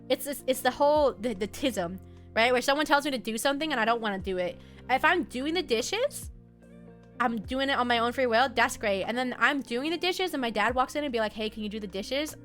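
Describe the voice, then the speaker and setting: A woman's voice: fairly high pitch, a bit bright. A young adult woman streaming and chatting casually, rambling from one thing to the next and laughing often. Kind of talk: casual chat.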